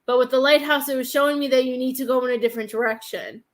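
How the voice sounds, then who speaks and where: A woman's voice: high-pitched, steady tone, fast talker. Woman doing a live psychic reading. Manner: hesitant, thinking aloud, addresses viewers by name. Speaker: psychic medium host.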